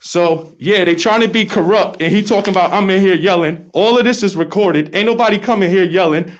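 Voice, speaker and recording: Recorded on a handheld phone, this man argues with court staff, pressing the same points again and again. He's a vlogger with a high-pitched, brisk voice. There's no room sound, but the recording is muffled.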